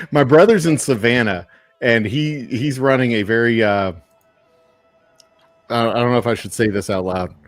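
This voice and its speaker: A man's voice: medium pitch, measured pace, pauses often, dry recording, faint music behind. Laid-back man from Texas chatting. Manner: laid-back, rambling, chuckles often. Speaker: distiller and show host. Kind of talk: casual live-stream chat.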